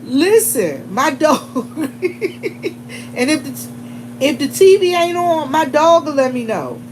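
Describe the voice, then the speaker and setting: A woman's voice: high-pitched, sing-song, unhurried, slight background noise. A woman hosting a casual livestream, chatting straight to her viewers and greeting them by name as they come in. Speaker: livestream host.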